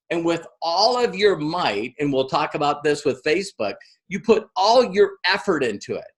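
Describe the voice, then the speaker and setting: Lively, animated man giving a training talk. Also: fairly high pitch. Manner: animated, acts out other people's voices. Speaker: business trainer.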